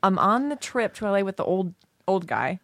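A young woman co-hosting a casual podcast, wry and teasing with quick jokes. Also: medium pitch, sing-song, fairly bright tone, no echo, studio quality. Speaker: podcast co-host.

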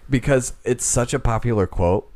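A man co-hosting a podcast, chatting casually in a joking, animated way. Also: mid-range voice. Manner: animated, joking, quick to laugh. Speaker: podcast co-host. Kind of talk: casual chat.

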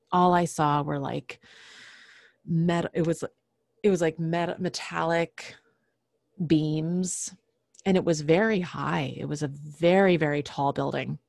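A woman telling a personal story casually, halting often with fillers and restarts and clearing her throat now and then. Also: sits low, darkish tone, no echo, studio quality.

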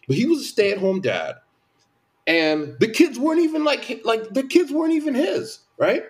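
Speaking at normal speed in an extremely high-pitched voice, a man vents in a casual opinion chat. His complaints are animated and emphatic, with lots of repetition.

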